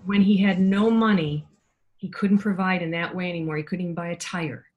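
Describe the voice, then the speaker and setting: A woman's voice: lowish voice, brisk, lo-fi sound. Middle-aged woman telling stories animatedly. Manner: animated, acts out quoted voices. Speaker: podcast guest, author. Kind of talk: casual storytelling.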